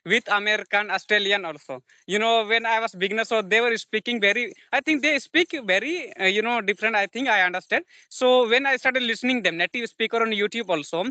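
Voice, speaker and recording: A man's voice: high voice, fairly quick, few pauses, pushed and bright, no room sound. A man from India, an English learner talking casually and hesitantly, with many fillers. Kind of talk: casual conversation.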